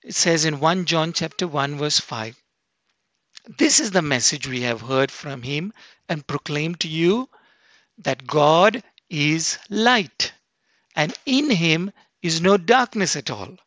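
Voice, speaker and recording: Male preacher, sermon, deliberate emphatic reading, slightly high voice, dry sound. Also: fairly bright tone, no room sound. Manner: slow, emphatic scripture reading with rising stresses.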